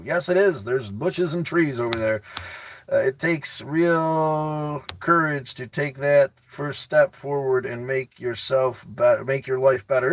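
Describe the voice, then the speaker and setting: A man hosting a casual livestream, reading chat aloud and rambling excitably with motivational talk, often repeating his words. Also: medium pitch, poor audio. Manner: addresses viewers by name, teasing.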